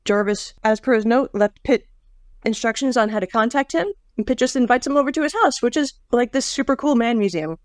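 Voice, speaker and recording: A woman's voice: on the high side, brisk, no room sound, studio quality. A middle-aged woman co-hosting a podcast, chatting casually about a book with wry jokes. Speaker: podcast co-host. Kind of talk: casual book-discussion chat.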